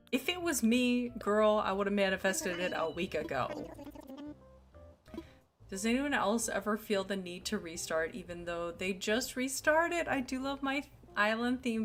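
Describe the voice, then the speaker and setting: A woman's voice: mid-range voice, fairly bright tone. A young woman chatting casually while live-streaming a game, sleepy and yawning, rambling and giggly as she talks to her chat. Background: faint background music.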